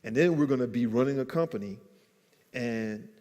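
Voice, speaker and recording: A man tells a story from a stage, his voice at an ordinary middle pitch. He acts out the people he quotes and builds the story up with energy. A long reverb from the hall follows his words. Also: normal speed. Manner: animated storyteller acting out quotes. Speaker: guest entrepreneur. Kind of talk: storytelling in a church talk. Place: church event hall.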